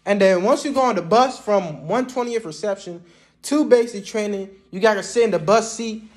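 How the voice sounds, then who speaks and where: High-voiced young man, slangy and laid-back. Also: moderate pace. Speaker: vlogger recounting Army basic training. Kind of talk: casual storytelling to camera.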